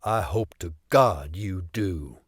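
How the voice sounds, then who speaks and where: A man reading an audiobook voices a weary, rueful middle-aged cop and former radical, speaking slowly and heavily. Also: sits low, animated, husky, no echo, studio quality, voice pushed down, full character voice. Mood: stern. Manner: slow, heavy, rueful. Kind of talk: audiobook character voice.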